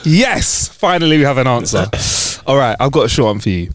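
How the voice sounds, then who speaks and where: Lively man telling jokes. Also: mid-range voice, fairly quick. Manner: lively, laughs loudly at punchlines. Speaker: podcast co-host. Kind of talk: casual joke-telling chat.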